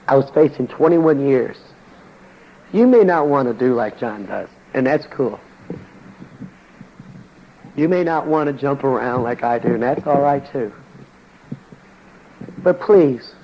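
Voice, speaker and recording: Male evangelist, mid-pitched, folksy slangy storyteller; dull lo-fi recording with faint noise. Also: expressive, takes it slowly, long pauses. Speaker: evangelist preacher. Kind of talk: testimony sermon to a congregation.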